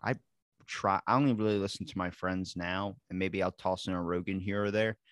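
Brief: young male podcast co-host, quick, crude, animated storyteller, dry close sound. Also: sits low, no room sound. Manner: profane, animated storytelling with loud put-on voices. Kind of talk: casual podcast chat.

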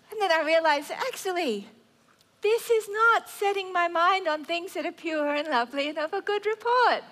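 A woman in her fifties preaching a sermon, earnest and animated, acting out prayers and worries aloud. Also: very high voice, moderate pace.

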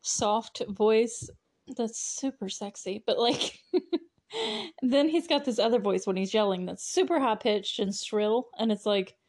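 A woman's voice: on the high side, expressive, slow pace, darkish tone. A woman hosting a podcast, recapping a film in a chatty, casual way with lots of fillers and frequent laughter. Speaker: podcast host.

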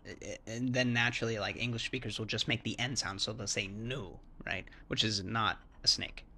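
A chatty man with a bright, forceful voice on the low side talks briskly and steadily, with a little hiss or hum behind him. As an English-speaking foreigner explaining Thai sounds in casual chat, he rambles with fillers, many "like"s, and restarts, acting out the sounds.

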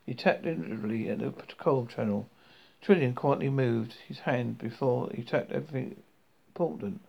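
A man's voice: medium pitch, creaky. A man reading a novel aloud, stumbling and restarting words as he goes. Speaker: reader. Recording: dull lo-fi recording.

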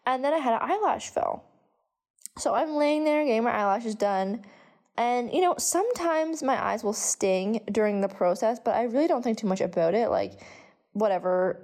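A woman's voice: on the high side, lively intonation, moderate pace, a little mellow. A young woman telling a casual storytime vlog, chatty, with frequent swearing and many fillers. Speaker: vlogger.

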